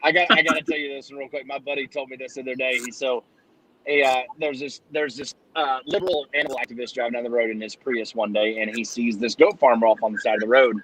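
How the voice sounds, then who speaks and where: A man's voice: medium pitch, steady tone, fast, a bit bright, poor audio. A man hosting a casual podcast chat who tells jokes in a loose, profane storytelling manner. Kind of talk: casual chat and joke telling.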